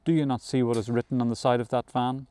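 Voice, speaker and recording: A man voicing an old, cynical male donkey in an audiobook reading, shouting urgent warnings. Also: medium pitch, level tone, fast talker, clean tone, lightly acted. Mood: alarmed.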